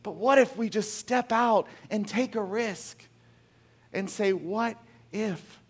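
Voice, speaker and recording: A middle-aged man preaching a sermon as pastor, animated, acting out quotes with big swings in volume. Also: high-pitched, slow, breathy edge.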